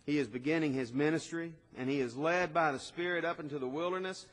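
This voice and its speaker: A man preaching a sermon, swinging between loud emphatic lines and quiet passages. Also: a little high, fast talker. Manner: dynamic preaching with swings in loudness. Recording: long hall reverb.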